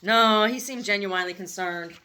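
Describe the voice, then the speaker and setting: A woman's voice: medium pitch, normal speed, sharp tone, clear, resonant tone, close to an everyday voice. A woman voicing a grown son, an anxious and lovesick young man, in an earnest, pleading way.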